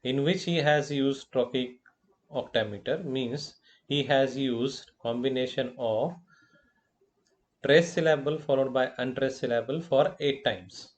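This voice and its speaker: A male college professor with an Indian English accent giving a lecture, deliberate and halting, with fillers and self-corrections. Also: mid-range voice. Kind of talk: slow lecture on poetic meter.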